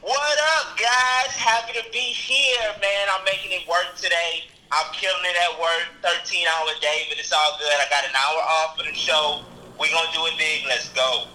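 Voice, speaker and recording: A man's voice: a little high, steady tone, bright, forceful tone, poor audio. A man appearing as a guest on a casual sports podcast, opinionated and emphatic, stretching out his points. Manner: opinionated, emphatic, drawn-out delivery.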